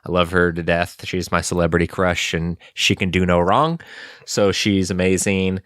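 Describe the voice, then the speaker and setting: A man co-hosting a podcast, easygoing and measured in casual review chat. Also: low-pitched, fairly even intonation, a bit bright, dry recording, clean studio sound. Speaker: podcast co-host.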